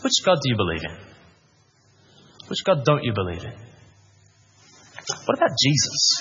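A man preaching a sermon in a church, earnest and animated, full of rhetorical questions. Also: on the high side, muffled recording, slight background noise. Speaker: pastor.

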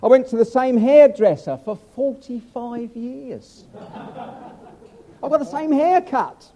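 A man's voice: extremely high pitch, takes it slowly, dark tone. An older man preaching a humorous sermon, chatty and self-mocking as he tells stories.

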